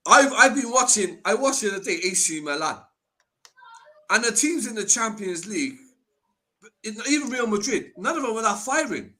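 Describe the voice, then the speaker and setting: Slangy man chatting football, bright voice. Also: sits high, sing-song, normal speed. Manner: slangy and laid-back, calls people bro and G. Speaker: guest football fan. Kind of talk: casual football chat.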